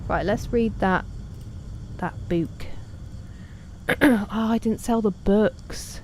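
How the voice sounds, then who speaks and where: A woman's voice: mid-range voice, extremely slow, pauses often, a little mellow, slight background noise. A woman streaming a game, chatting casually and self-deprecatingly while reading out her chat.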